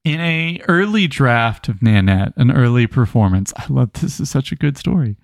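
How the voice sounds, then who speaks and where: A man co-hosting a casual book club podcast, an animated storyteller who reads passages aloud with emphasis. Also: mid-range voice, moderate pace, no room sound, clean studio sound. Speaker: podcast co-host.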